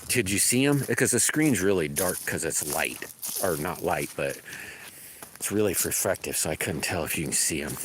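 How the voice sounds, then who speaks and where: A man's voice: low-pitched, lively intonation, moderate pace, a bit bright, a little hiss or hum. A man hosting a casual live stream outdoors among his farm animals, rambling and trailing off mid-sentence, recorded on a phone. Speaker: livestream host.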